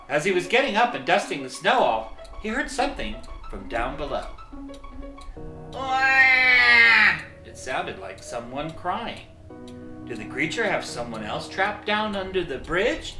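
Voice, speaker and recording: A narrator reading a children's storybook aloud in an expressive, lively storytelling manner. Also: mid-range voice, reverberant.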